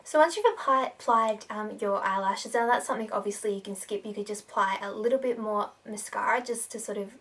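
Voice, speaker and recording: A woman's voice: medium pitch, fairly quick, few pauses, fairly bright tone, recorded from a distance. A woman giving a casual makeup tutorial, talking in a chatty way with lots of fillers.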